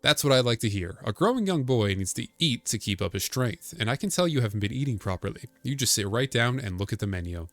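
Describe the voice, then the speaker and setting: A man's voice: medium pitch, animated, quick pace, hardly any pauses, fairly bright tone, dry recording. A man voicing a plump, motherly female innkeeper in a video game, fussing over a guest in a sing-song manner. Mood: doting.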